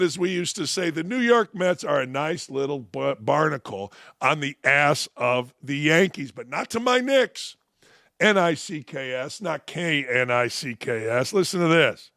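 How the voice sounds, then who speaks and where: An older man hosting a sports talk show delivers an opinionated monologue into a close studio mic at an unhurried pace. His voice is a touch high for a man, gravelly and creaky, and he drifts between dry sarcasm and mock outrage, mocking and animated with voiced asides. The sound is dry and close.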